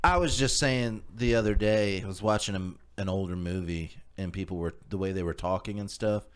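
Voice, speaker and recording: A man's voice: sits low, normal speed, clear, resonant tone. A man in his forties chatting casually as a podcast co-host, telling wry stories with joking asides. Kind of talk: casual chat.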